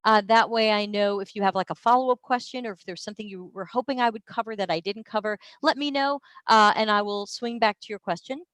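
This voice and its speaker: A woman's voice: mid-range voice, fast, few pauses, a bit bright, no room sound. An American woman hosting live office hours, explaining research methods in a conversational, explanatory way with many fillers and restarts. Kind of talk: live-stream Q&A, casual teaching.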